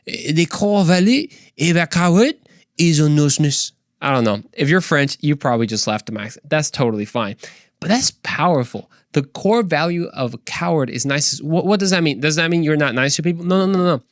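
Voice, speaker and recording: Energetic man hosting a faith podcast, dry sound. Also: a little high, quick pace, no room sound. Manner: energetic, preachy and joking. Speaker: podcast host. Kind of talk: casual faith talk podcast.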